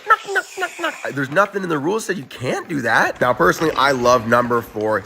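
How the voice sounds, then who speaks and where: Bright, lively-voiced man joking. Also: medium pitch, slight background noise. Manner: playful, jokey delivery with silly sound effects. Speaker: comedic hockey segment host. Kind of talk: scripted comedic voice-over.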